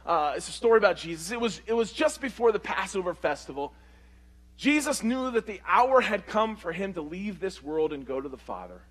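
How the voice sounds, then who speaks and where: A male pastor telling a story in a sermon, animated and swinging between loud and hushed delivery. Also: sits high, brisk.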